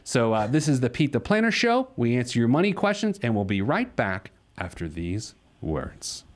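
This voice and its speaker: A man's voice: mid-range voice, big pitch swings, normal speed. A man hosting a money advice show, talking casually and joking, with lots of fillers. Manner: joking, rambling with many fillers. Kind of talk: casual radio show banter.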